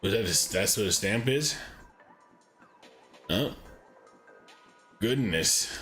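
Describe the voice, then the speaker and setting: A man's voice: mid-range voice, sing-song, measured pace, long pauses, fairly bright tone, soft background music. A man hosting a live game playthrough who reads the on-screen text aloud and breaks in with joking asides to himself. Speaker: streamer, show host.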